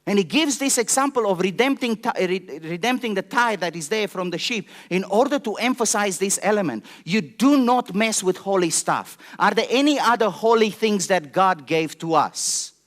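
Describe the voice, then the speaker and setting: Animated, passionate male pastor preaching. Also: high voice, normal speed, hardly any pauses. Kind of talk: sermon.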